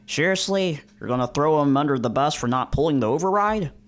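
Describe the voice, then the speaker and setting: A man's voice: on the high side, expressive, fairly quick, lightly acted. Man voicing an indignant, blunt male coworker.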